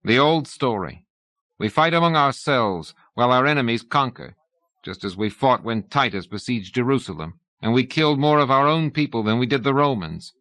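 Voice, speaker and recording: A man's voice: medium pitch, expressive, normal speed, sharp tone, dry recording, pitched above the performer's own voice. A man reading an audiobook, voicing a gaunt, grim woman prisoner who talks in a somber, lecturing way.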